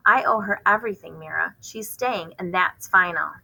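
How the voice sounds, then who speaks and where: A woman reading aloud voicing a calm father who turns firm and insistent. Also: fairly low pitch, normal speed, creaky, full character voice, low-quality recording.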